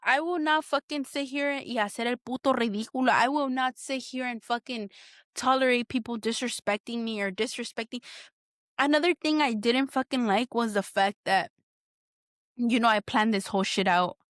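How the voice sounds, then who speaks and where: A woman with a fairly high, fairly bright voice hosts her own candid solo podcast, speaking at a moderate pace. She vents bluntly and emotionally with heavy swearing, often restarting and repeating herself as she searches for words. The sound is clean studio audio with no room sound.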